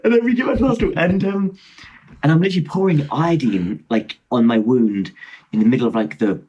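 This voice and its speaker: A man in his twenties from Britain, a podcast guest rambling excitedly through travel anecdotes with frequent laughter over a video call. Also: mid-range voice, brisk, breathy edge, muffled recording. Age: 20s. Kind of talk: casual storytelling chat.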